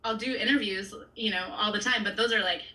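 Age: adult. Sex: woman. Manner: bright, chatty, laughing. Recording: distant from the mic over a video call. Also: medium pitch, fairly quick. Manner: rambling, heavy use of "like", laughs often, swears casually. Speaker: artist guest. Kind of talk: casual chat. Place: San Francisco area.

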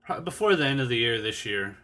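A man hosting a podcast, chatting relaxed and casually with a guest over a video call. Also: mid-range voice, fast talker. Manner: relaxed, laid-back, uses "like" and "you know" often. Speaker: podcast host. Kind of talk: casual interview chat.

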